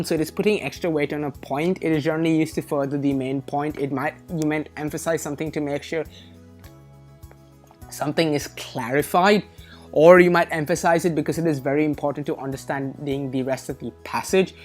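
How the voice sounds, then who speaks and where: A woman tutor explaining reading test concepts in a methodical way, correcting herself now and then with a light, wry touch. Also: sits low. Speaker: SAT tutor. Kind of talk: explanatory lesson.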